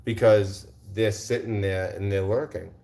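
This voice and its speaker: Livestream host, male, low-voiced, heated and taunting. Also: steady tone, a little slow, gravelly, dark tone. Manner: confrontational, repeats rhetorical questions; swears, taunts viewers in chat.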